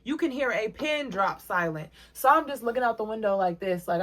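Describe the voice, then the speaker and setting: A young woman tells a storytime vlog story to her viewers. She is animated, and her voice leaps up when she acts out what others said. Her pitch sits in the middle range for a woman. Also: a little fast, hardly any pauses. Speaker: vlogger.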